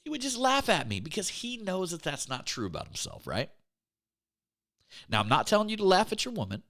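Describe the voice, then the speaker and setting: Speaking a little fast in a high, fairly bright voice with huge pitch swings, a relationship speaker delivers a motivational faith talk about relationships. He is emphatic, repeats his words, and keeps addressing listeners as his friends.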